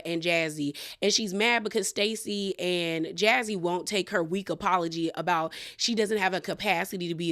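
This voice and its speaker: A woman recapping a reality TV episode in a sassy, slangy way, with mocking asides. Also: mid-range voice. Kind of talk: casual reality show recap.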